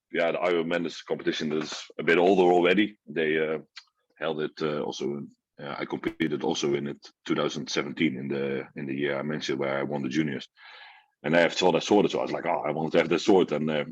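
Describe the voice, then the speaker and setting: A young man with a Dutch accent, a guest on a podcast, telling a story in a lively, excited way with frequent laughs and many fillers. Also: extremely low pitch, dry recording. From Netherlands. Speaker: guest bodybuilder. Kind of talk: casual storytelling. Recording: dull, dry lo-fi sound.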